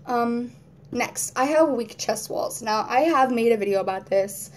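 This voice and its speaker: A woman's voice: fairly high pitch, unhurried, slight background noise. A woman vlogging at home in casual chat to camera, rambling, laughing often and acting out moods in quoted voices.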